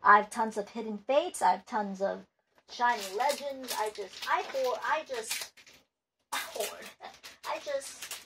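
A woman's voice: fairly high pitch, slow, bright, forceful tone, a little hiss or hum. A woman collector giving unscripted advice in a vlog, rambling and emphatic, with many restarts. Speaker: card collector and video maker.

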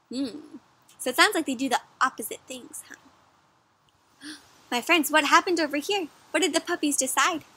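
A young woman reading a picture book aloud for children, animated, often pausing to ask her listeners questions. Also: sits high, no echo. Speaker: children's storyteller. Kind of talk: interactive read-aloud for kids.

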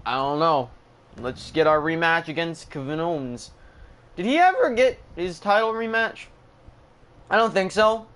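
A man's voice: a little high, lively intonation, measured pace, fairly bright tone. A man streaming a wrestling video game, commenting with profane, sarcastic remarks. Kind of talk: livestream gameplay commentary.

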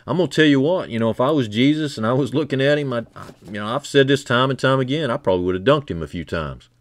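A man preaching a sermon who builds from quiet, low passages to loud, fervent climaxes and repeats key phrases for emphasis. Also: expressive, quick pace.

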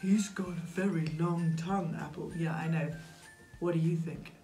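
A woman's voice: fairly low pitch, steady tone, normal speed, dark tone. A woman hosting a children's craft show in a playful, sing-song way, chatting with a puppet as she works. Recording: roomy echo with faint music.

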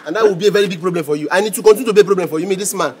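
A man with a Nigerian English accent who talks fast and a little high. He plays an insistent waiter in a comedy skit, polite on the surface but mocking underneath. Faint noise sits behind him.

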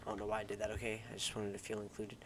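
A man's voice: lowish voice, monotone, racing. A young man giving casual, self-deprecating commentary while playing a game, rambling and joking to his viewers through a headset mic. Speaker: gaming YouTuber. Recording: noisy home recording with keyboard clicks.

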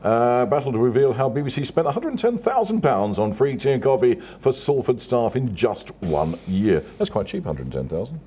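A host who talks fast and trades quick jokes with his guest. His voice sits low, with a dark, husky grain. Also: sing-song. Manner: quick, jokey banter. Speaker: radio show host. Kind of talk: casual chat.

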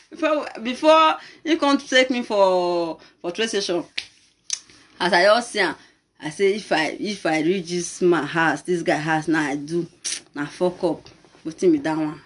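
Female talk host, Nigerian Pidgin accent, unhurried and animated, laughs through her storytelling. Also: fairly low pitch. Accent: Nigerian Pidgin English. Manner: animated, laughing storyteller who switches between English and Pidgin. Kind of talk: storytelling to camera.

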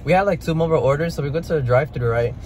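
A man's voice: a little high, rapid-fire, low-quality recording. A man in his twenties vlogging from his car in traffic, talking in a slangy, rambling way with lots of fillers. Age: 20s. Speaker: vlogger and military reservist. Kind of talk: casual vlog chat. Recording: loud car and traffic noise.

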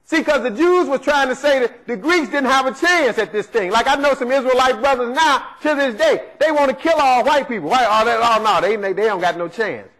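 A man delivers a sermon in an unusually high voice. He talks emphatically, driving each point home and pausing to ask his listeners questions they are meant to answer. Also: a bit bright, poor audio. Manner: emphatic, asks the congregation rhetorical questions. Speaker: preacher.

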